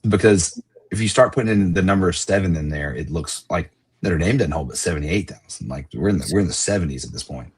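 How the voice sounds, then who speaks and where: A man with a very deep, raspy voice co-hosts a casual sports podcast. He thinks aloud as he goes, circling back over his points. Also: lively intonation, a little fast. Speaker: podcast co-host.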